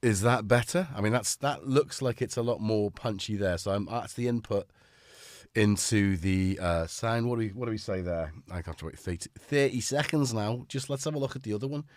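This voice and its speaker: A man's voice: fairly low pitch, a little fast, dry recording. A man with a Liverpool-tinged British accent, full of cold, chatting and rambling on a casual live stream from his home studio. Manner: chatty, rambling, self-mocking. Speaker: livestream host.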